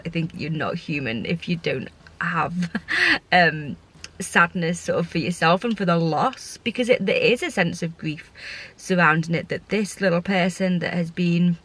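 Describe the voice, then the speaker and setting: A woman's voice: on the low side, measured pace, fairly bright tone, husky. A woman who works as a short-term foster carer, talking through her feelings in a casual vlog, heartfelt and rambling, with frequent restarts. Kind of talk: casual reflective vlog talk.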